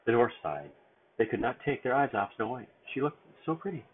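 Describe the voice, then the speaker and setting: A man's voice: medium pitch, sing-song, fairly quick, slight background noise. A man reading a storybook aloud at bedtime in a sing-song read-aloud manner, with small stumbles, over a tinny phone-like line.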